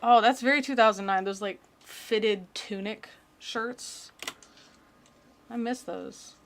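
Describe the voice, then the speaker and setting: Brief: woman streamer, casual rambling reaction chat, quick jokes. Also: a little high, a little hiss or hum. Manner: chatty, joking, rambling asides.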